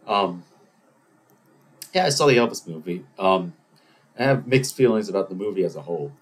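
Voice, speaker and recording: A man's voice: fairly low pitch, lively intonation, moderate pace. Rambling, self-mocking male podcast host. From Greek heritage. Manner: rambling, self-mocking, breaks into laughs and playful voices. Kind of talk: casual solo monologue.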